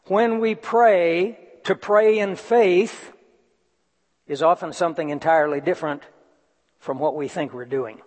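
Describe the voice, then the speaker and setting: A man preaching a sermon, speaking slowly with deliberate emphasis and reading passages aloud. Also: on the high side, a little mellow. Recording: long reverb of a large hall.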